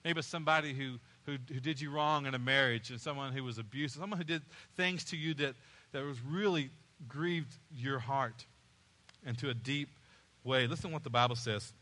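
A man's voice: mid-range voice, a little fast, pushed and bright. A male pastor preaching a sermon, repeating key phrases and rising in passion as he goes.

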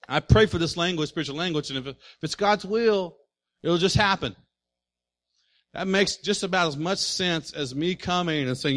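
A man preaching a sermon as pastor, animated and full of rhetorical questions to his congregation. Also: high-pitched, normal speed.

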